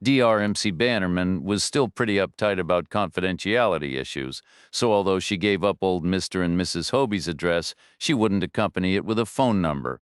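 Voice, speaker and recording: A man narrating a thriller audiobook in measured, steady storytelling, recorded on a studio microphone. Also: sits low, clear, resonant tone, no room sound. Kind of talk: scripted narration.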